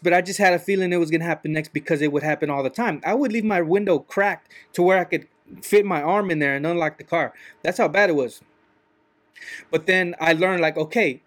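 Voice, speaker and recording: Man, casual monologue, rambling, fairly high pitch, truck driver. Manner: rambling, repeats "you know what I mean".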